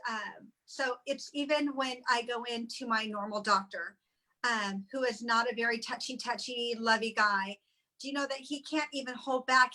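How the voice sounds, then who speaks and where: A woman sharing an emotional personal testimonial in halting, tearful speech with many restarts. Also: on the high side, sharp tone, rough recording. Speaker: guest sharing weight-loss story.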